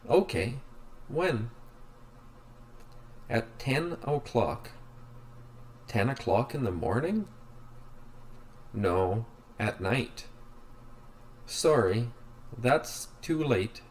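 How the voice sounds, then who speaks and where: Male reader, beginner English lessons: slow, deliberate, plays both speakers. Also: medium pitch, a little mellow. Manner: reads both sides of each dialogue, very slow and evenly spaced. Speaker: English teacher reading practice dialogues. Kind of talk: slow scripted reading of beginner dialogues.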